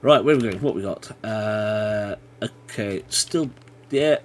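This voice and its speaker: A man chatting through a live game stream, bursting into excited taunting yells now and then. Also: lowish voice, measured pace, a little hiss or hum. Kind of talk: live gaming stream commentary.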